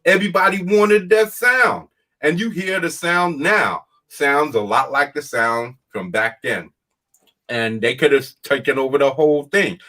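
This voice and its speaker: A man's voice: mid-range voice, pushed and bright. A man hosting a casual talk show who speaks in a plain, folksy way, repeats his points for emphasis, and often laughs while he rants.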